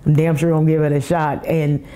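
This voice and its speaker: Woman, middle-aged, low voice, warm and mellow tone, candid personal testimony. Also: level tone. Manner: candid, emotional, with rushed asides and restarts. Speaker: breast cancer survivor telling her story.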